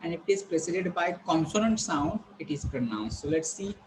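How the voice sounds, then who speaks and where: A male teacher giving a classroom pronunciation lesson, patiently repeating words slowly and quizzing the class. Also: fairly high pitch, animated, a little mellow, slight background noise, rough recording. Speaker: English teacher.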